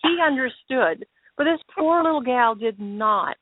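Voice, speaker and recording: A woman's voice: high-pitched, lively intonation, measured pace, dry recording. A woman hosting a paranormal talk show, telling stories in a chatty, emphatic way over a phone line. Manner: chatty storyteller, emphatic, laughs easily. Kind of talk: casual talk show chat. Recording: tinny phone-line sound, dry.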